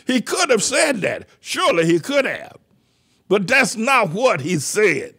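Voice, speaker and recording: A man preaching a teaching sermon, emphatic, repeating phrases for stress, his pace slowing and then rushing. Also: sits high, very animated, vocal fry, pushed and bright, slightly rough. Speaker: pastor.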